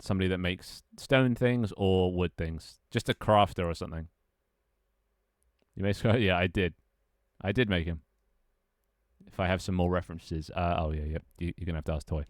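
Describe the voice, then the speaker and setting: A young man talks on a live stream in a low voice, rambling and laughing with his viewers and friends. The sound is dry and close on a desk mic, with no room around it. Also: normal speed, no room sound. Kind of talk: casual live-stream chat.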